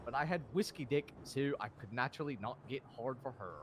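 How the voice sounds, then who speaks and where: A man's voice: medium pitch, lively intonation, brisk, slight background noise. A young man telling a rambling, slangy story in character while role-playing on a stream.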